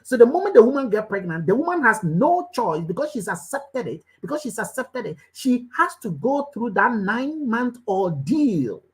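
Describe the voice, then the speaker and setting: A woman's voice: a little high, very animated, moderate pace, hardly any pauses, rough recording. A woman giving a motivational business talk as a coach, hammering home short commands and firing questions straight at her listeners. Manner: emphatic, repeats short commands again and again; preachy, questioning the listeners directly.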